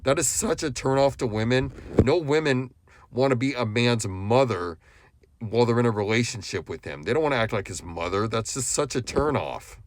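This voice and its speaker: A man's voice: mid-range voice, no room sound. A young adult man delivering a scolding monologue at another YouTuber, lecturing in a contemptuous, repetitive way. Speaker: YouTube commentator.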